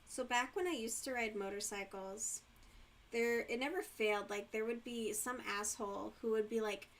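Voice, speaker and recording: Crocheting while she hosts a livestream, this woman chats casually, laughs a lot, and swears without holding back. Her voice is on the high side, at a moderate pace.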